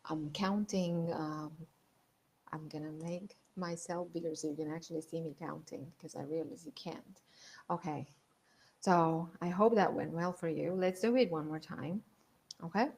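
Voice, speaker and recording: A woman leadership coach leading an online masterclass, calmly guiding listeners through breathing exercises and repeating her points. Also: low voice, measured pace.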